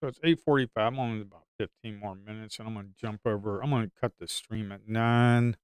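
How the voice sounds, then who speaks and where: Smooth-voiced male trading streamer. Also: lowish voice, steady tone, quick pace, dry recording. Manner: emphatic and repetitive. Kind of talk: live trading commentary.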